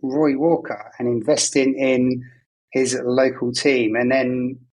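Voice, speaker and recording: Husky-edged male co-host, conversational and jokey. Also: medium pitch, little pitch movement, slow, a little mellow, low-quality recording. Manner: conversational, jokey, self-deprecating. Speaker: podcast co-host, data pundit. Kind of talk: casual chat. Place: travelling abroad.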